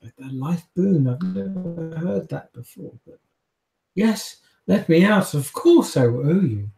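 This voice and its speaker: A man's voice: fairly high pitch, lively intonation, unhurried, vocal fry, warm tone, roomy sound, soft background music, pitched above the performer's own voice, low-quality recording. A man voicing a young male vampire prisoner who pleads, wheedles and stammers for his release. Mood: pleading.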